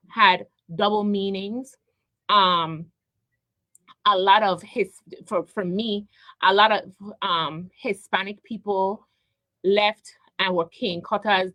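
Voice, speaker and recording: This radio talk show host from St. Croix in the U.S. Virgin Islands speaks at a medium pitch with a sharp tone. Her emotional personal monologue is halting and heartfelt, full of ums and repeated words. The studio microphone recording sounds dry and rough.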